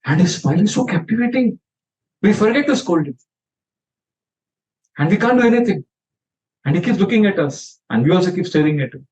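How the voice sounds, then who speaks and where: A man playing a village milkmaid woman pours out her complaints about a naughty child, pleading and exasperated, her voice pitched fairly high. The sound is dull and lo-fi, like an old lecture recording. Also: lively intonation, brisk, pauses often, a little mellow. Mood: complaining.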